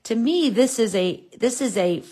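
A woman's voice: a little high, expressive, normal speed, mellow, husky. A woman teaching a Bible lesson in a casual way, telling a family story and talking with frequent fillers and restarts.

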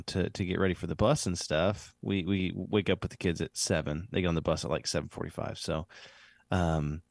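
A man in his thirties, a podcast co-host, telling a casual story with lots of fillers and animated retellings. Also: low-pitched, no room sound, clean studio sound.

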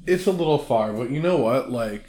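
A woman's voice: a bass voice, animated, normal speed, dark tone. A woman co-hosting a podcast from home, chatting casually with short reactions and blunt opinions. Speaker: podcast co-host. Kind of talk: casual chat. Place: home with a dog.

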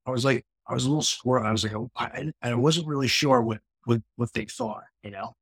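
A man's voice: medium pitch, fast talker, fairly bright tone, husky, no echo, poor audio. A middle-aged man from New York, a podcast guest, telling a personal story in a casual, rambling way with lots of restarts. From New York, USA. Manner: conversational, frequent restarts and "you know" fillers.

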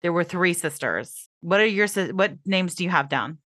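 Wry, lower-voiced woman podcast co-host. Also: animated, moderate pace, fairly bright tone. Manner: wry, joking, self-mocking. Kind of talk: casual chat.

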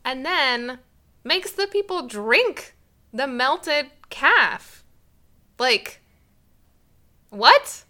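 A woman co-hosting a podcast, chatting casually and adding wry, expressive comments. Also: high-pitched, extremely slow, pauses often. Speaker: podcast co-host. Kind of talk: casual chat.

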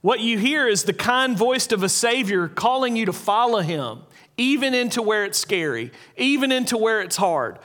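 High-voiced man preaching earnestly. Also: lively intonation, a bit bright. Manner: earnest, slows down for emphasis and repeats key lines. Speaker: pastor. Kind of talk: sermon.

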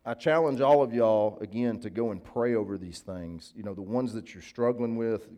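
A man's voice: lowish voice, expressive, a little fast, hardly any pauses, mellow. A male preacher, giving a sermon in a casual, folksy way and often asking his listeners to agree. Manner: conversational, folksy, asks the crowd to agree.

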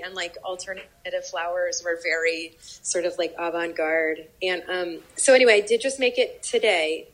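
A woman's voice: fairly low pitch, normal speed, few pauses, low-quality recording. A young woman, a professional baker, chatting casually with many fillers while tasting a cake. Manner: rambling, many fillers, lively.

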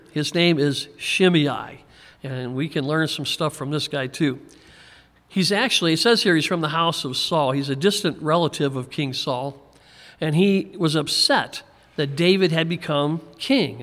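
A man teaching a Bible passage verse by verse, in a relaxed conversational way with frequent chuckles and small restarts. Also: a little high, moderate pace. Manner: conversational, chuckles often, repeats words when restarting. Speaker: pastor. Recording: long hall reverb.

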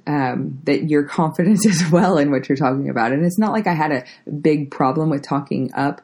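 A woman's voice: sits low, normal speed, hardly any pauses, a little mellow. A woman hosting a solo education podcast, chatty and self-deprecating, with many fillers and restarts. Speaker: podcast host.

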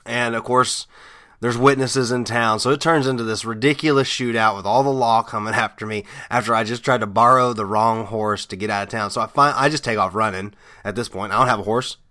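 A man's voice: mid-range voice, steady tone, a little fast, bright, forceful tone. A man hosting a podcast, telling rambling, amused stories in a casual monologue full of fillers and restarts. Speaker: podcast host.

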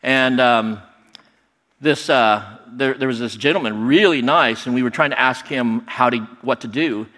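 A middle-aged man telling a personal story in a lively, animated way, acting out other people's lines. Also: mid-range voice, unhurried. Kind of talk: personal story told to an audience. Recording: long hall reverb.

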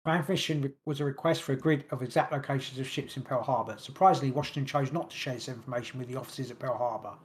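A man hosting a podcast, reading long passages from his notes quickly and stumbling over words now and then. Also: mid-range voice, steady tone. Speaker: podcast host. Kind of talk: casual podcast chat, reading notes aloud.

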